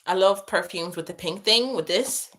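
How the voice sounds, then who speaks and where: A woman's voice: mid-range voice, normal speed, fairly bright tone. Young female livestream host, casual, emotional, rambling chat with her audience. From moved to England from abroad. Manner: chatty, emotional, many fillers and restarts. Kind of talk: casual livestream chat, reading viewer questions.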